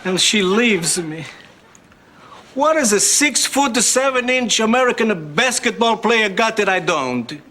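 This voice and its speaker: A man with a notably high voice gives animated, self-pitying sitcom lines. Clear noise sits under the old TV recording. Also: unhurried. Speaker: actor in a sitcom clip. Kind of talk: sitcom acting. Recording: noisy old TV audio.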